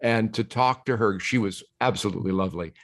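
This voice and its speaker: A man in his sixties, a guest on a podcast, telling stories casually and agreeing with quick laughs. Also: on the low side. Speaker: guest, TV host. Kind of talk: casual interview chat.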